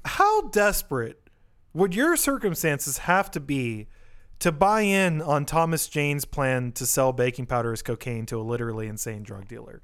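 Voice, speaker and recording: A man's voice: mid-range voice, animated, normal speed, fairly bright tone, clear, resonant tone. A young man co-hosting a casual film podcast, rambling and often restarting his sentences. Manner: rambling, self-interrupting. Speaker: podcast co-host.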